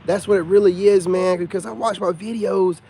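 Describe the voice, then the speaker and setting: Speaking at a slightly fast clip, this man has a high, husky, warm voice with fairly even intonation. He's a self-styled spiritual coach on a casual livestream, drawling teasingly at the chat and repeatedly saying "you know what I'm saying."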